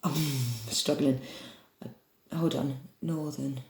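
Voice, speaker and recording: Low, mellow-voiced woman teaching drama. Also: fairly even intonation, slow, creaky. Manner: encouraging, chatty, demonstrates voices. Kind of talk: online drama lesson for children. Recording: echoey room.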